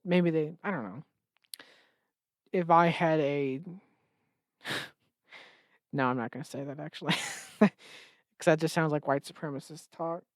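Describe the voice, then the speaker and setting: A man's voice: a little high, slow, pauses often, no echo, clean studio sound. A man hosting a solo comedy podcast, rambling sarcastically and often cutting himself off. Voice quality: rambling, sarcastic, self-interrupting. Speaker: podcast host.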